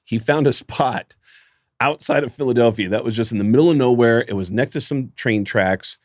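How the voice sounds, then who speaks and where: A man co-hosting a podcast, telling a long story in casual chat, often laughing and jumping his voice up high for quoted lines. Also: fairly quick, no room sound, studio quality. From United States. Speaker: podcast co-host.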